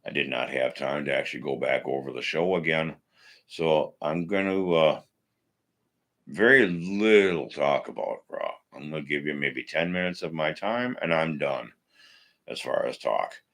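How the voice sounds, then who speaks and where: A man with a very deep, gravelly voice hosts a casual live stream. He rants bluntly and swears often as he talks through the week's wrestling. He comes from Minnesota. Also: a little slow, a bit bright. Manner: blunt, ranting, profane, opinionated. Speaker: wrestling podcast host.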